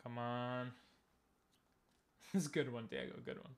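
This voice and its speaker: A man's voice: medium pitch, little pitch movement, normal speed, gravelly. A young man giving casual, joking commentary while streaming a game and talking with chat. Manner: chatty, joking, talks to chat.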